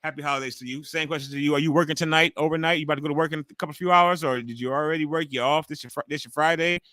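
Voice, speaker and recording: A middle-aged man hosts a casual watch-along stream, speaking straight to his chat in a loose, profane way with plenty of swearing. His voice is sharp and forceful, a bit high for a man, steady in tone and delivered very fast. The sound is close and dry, with no room echo.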